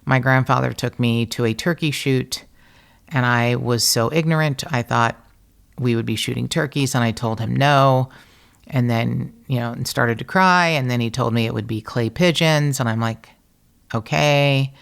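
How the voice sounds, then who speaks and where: Gravelly-voiced woman telling a story. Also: rumbling low, normal speed. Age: middle-aged. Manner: animated, profane, self-mocking storytelling. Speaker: podcast host. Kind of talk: casual storytelling monologue.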